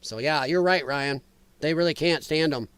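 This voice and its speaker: A male livestream host with a fairly high voice, recorded close and dry with no room sound. He talks casually and bluntly, answering viewers' comments, animated and quick to laugh. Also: smooth, dry recording. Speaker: livestream talk show host. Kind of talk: casual live chat, reading viewer comments.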